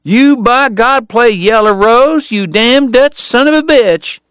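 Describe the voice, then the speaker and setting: A man voicing a drunk, furious young Texan cowboy who yells threats in a storybook reading. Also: extremely high pitch, slow pace, smooth, no room sound, clean studio sound, voice pushed up, heavily acted. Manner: yelling, threatening.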